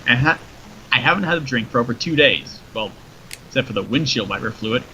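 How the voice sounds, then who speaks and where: A parched, stranded man who croaks out one confused question after another, voiced by a man reading a story. The voice is bright. The sound is dull and lo-fi, with a faint hiss underneath. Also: medium pitch, lively intonation, fairly quick. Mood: bewildered.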